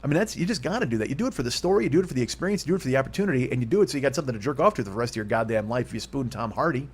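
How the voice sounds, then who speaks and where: A man's voice: mid-range voice, expressive, rapid-fire, breathy edge. A man in his fifties hosting a solo comedy podcast, rambling and profane with a self-mocking streak. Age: 50s.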